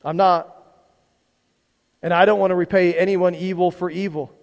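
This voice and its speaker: A man's voice: sits high, level tone, moderate pace, darkish tone, muffled recording. A male pastor preaching a conversational sermon to his church, often asking the congregation questions and repeating words as he goes. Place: church sanctuary. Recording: long hall reverb.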